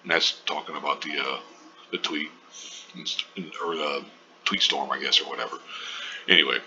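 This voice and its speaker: Man, very deep voice, sharp tense tone, profane rambling commentary, muffled lo-fi sound. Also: fairly even intonation, normal speed. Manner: profane, rambling, many fillers. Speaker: online commentary host. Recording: dull lo-fi with faint hiss.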